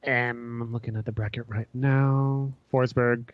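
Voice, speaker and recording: A man's voice: medium pitch, level tone, unhurried, no echo, narrow, tinny audio. A man hosting a casual podcast, talking in a laid-back, rambling, slangy way. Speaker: podcast host.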